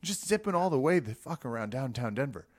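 A man's voice: mid-range voice, fairly quick. A man co-hosting a casual podcast chat, telling stories animatedly with frequent laughs and acted-out quotes. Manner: animated storyteller, laughs often, acts out quotes. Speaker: podcast co-host.

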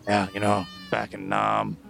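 A man's voice: lowish voice, sing-song, a little slow, gravelly, fairly bright tone, soft background music. A man playing a tabletop game in character, blunt and joking. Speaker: player.

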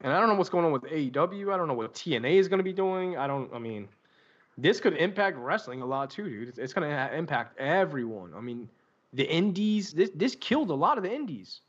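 A man co-hosting a podcast in casual chat, cursing freely and telling animated stories. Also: on the high side, brisk. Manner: profane, animated storyteller. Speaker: podcast co-host. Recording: dull lo-fi sound.

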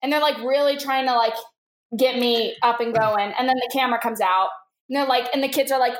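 Woman, comedian, high voice, animated storytelling, frequent laughs, roomy echo. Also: a little fast. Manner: animated, laughs often, full of fillers. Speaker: guest comedian. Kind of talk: casual comic storytelling.

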